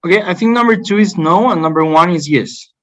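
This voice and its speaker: A man's voice: high voice, a little fast, poor audio. A man who speaks Spanish as his first language, studying English, answering hesitantly and thinking aloud. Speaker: student.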